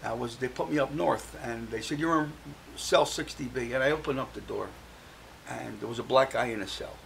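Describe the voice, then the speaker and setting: A man's voice: mid-range voice, fairly quick, gravelly, a bit bright, a little hiss or hum, rough recording. An older man, a guest on a talk show, telling his personal story and acting out the voices of the people he quotes.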